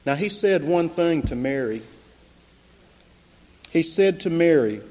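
A man preaching an impassioned sermon, building to loud emphatic peaks. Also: on the high side, animated, slow, pauses often. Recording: long reverb of a large hall.

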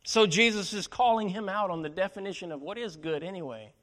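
High-voiced man preaching a sermon. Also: a little fast, a bit bright. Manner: dramatic, acts out the Bible characters' lines.

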